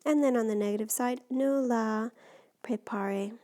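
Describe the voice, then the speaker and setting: A woman's voice: a little high, measured pace, warm tone. A woman teacher explaining Spanish grammar step by step in a patient, recorded lesson.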